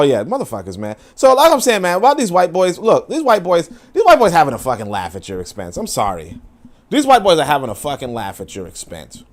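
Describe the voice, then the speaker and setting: A young adult man hosting a casual live-stream, reading viewer comments and riffing with profane, animated storytelling and mocking quoted voices. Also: mid-range voice. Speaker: livestream commentary host.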